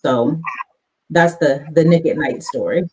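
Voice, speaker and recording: A woman's voice: low-pitched, slow pace, noisy background. A woman who is an army veteran, a guest on a podcast interview, telling her stories in a candid, loosely structured way.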